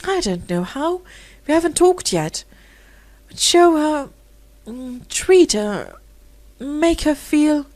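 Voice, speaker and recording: Eager, gushing society lady, read by a female narrator; high and lively, dry close sound. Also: a little slow, no echo. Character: rich, impulsive young society lady.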